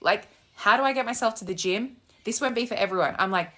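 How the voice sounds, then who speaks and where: A woman's voice: mid-range voice, quick pace, pushed and bright. A young woman coaching manifestation in a casual live chat, sassy and blunt, swearing freely as she walks outdoors with her phone in hand. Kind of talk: casual live-stream chat answering comments. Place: outdoors on a walk. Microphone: phone held in hand.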